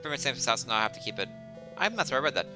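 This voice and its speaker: A let's play streamer reading game text aloud in a low, subdued way, with brief reactions in between. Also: very animated, very fast, over music.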